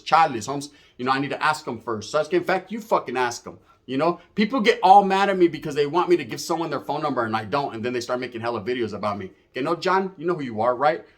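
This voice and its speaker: A man's voice: a little high, expressive, quick pace, few pauses. A man casually telling a story from his time in prison, in profane street slang and with knocking sound effects. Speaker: storyteller recounting prison life.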